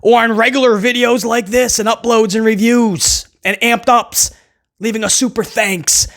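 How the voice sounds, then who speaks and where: A man's voice: extremely high pitch, fairly even intonation, normal speed, creaky, a bit bright. A man hosting a casual wrestling review, talking sarcastically and rambling with stammered restarts. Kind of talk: casual video review rant.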